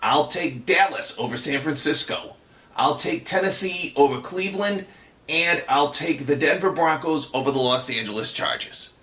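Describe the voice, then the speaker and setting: A man doing a wry, bright-voiced puppet bookie. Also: on the high side, lively intonation, moderate pace. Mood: wry, confident. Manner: wry and teasing, talks down to viewers as kids. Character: wisecracking male puppet football bookie. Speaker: puppet host of a fantasy football tips show. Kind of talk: fantasy football picks rundown.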